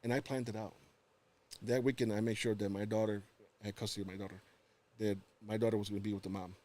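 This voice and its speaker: A man tells a personal anecdote on a podcast in easygoing chat, acting out the voices of the people in it with plenty of energy. His voice runs low and he talks quickly.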